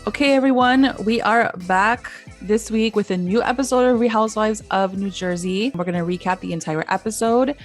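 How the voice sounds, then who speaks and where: A woman's voice: mid-range voice, normal speed, faint music behind. A young woman hosting a pop culture podcast, recapping casually, saying "like" a lot and acting out quotes. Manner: chatty, peppered with "like", acts out quotes from the show. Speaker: podcast host.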